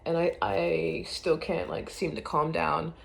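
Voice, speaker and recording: A woman talking in a casual confessional vlog, rambling and hesitant with many fillers, often trailing off quietly. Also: low voice, little pitch movement, measured pace, creaky.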